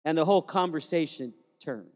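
A man's voice: fairly high pitch, brisk, big-room sound. A man who is a pastor telling a story in a sermon, acting out the dialogue as he goes.

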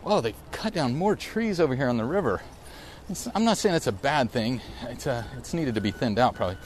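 A man's voice: mid-range voice, expressive, brisk, a little hiss or hum. Reflective man rambling on a bike ride. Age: 40s. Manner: rambling, reflective and self-correcting. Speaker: podcast host. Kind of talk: casual solo podcast monologue. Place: outdoors on a bike ride through a park.

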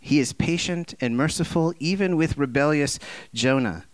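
A man's voice: moderate pace, dry recording. A man preaching a sermon, impassioned and conversational, firing off rhetorical questions and acting out the voices he quotes. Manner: acts out quoted voices with big swings in pitch and volume.

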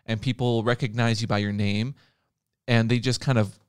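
A man's voice: mid-range voice, little pitch movement, moderate pace, clear, resonant tone, no echo, clean studio sound. A man hosting a podcast in casual chat, playful and teasing, rambling with restarts. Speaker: podcast host.

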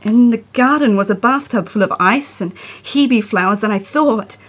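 A woman recites her poetry in a measured, expressive way. Her voice is breathy and sits fairly high. She lingers on the images as she reads. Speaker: poet. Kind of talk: poetry reading.

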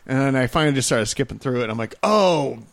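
A man's voice: medium pitch, expressive, fairly quick, creaky, dry recording. Laid-back swearing man hosting a podcast. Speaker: podcast host. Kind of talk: casual podcast chat.

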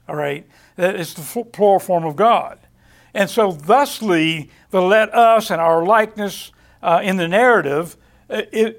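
Male preacher, high voice, halting delivery with repeated words, scripture-reading cadence. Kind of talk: Bible study sermon.

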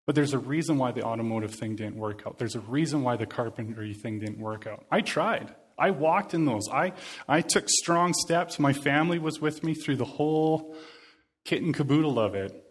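A man's voice: medium pitch, moderate pace, slightly rough. Man preaching a casual, earnest sermon. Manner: earnest, conversational, with repeated phrases.

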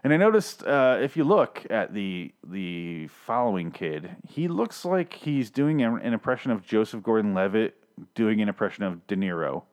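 A TV show reviewer delivers a casual solo rant recapping a series, his lowish voice sing-song at a normal speed. He's profane and sarcastic, rambling along and frequently restarting his sentences.

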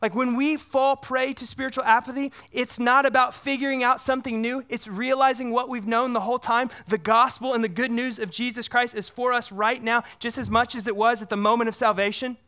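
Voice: medium pitch, steady tone, a little fast, few pauses, sharp tone. Earnest pastor preaching a sermon. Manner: earnest, asks the congregation questions and repeats words for emphasis.

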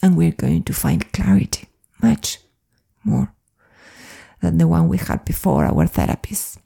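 A woman flow coach speaking in an earnest, confiding, soft-spoken personal monologue. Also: sits low, big pitch swings, moderate pace, gravelly, slightly rough.

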